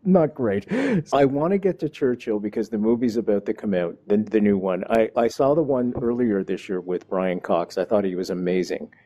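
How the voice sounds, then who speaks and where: A man's voice: lowish voice, normal speed, warm tone. A man hosting an interview show, talking enthusiastically like a showman and addressing his audience directly. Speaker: host.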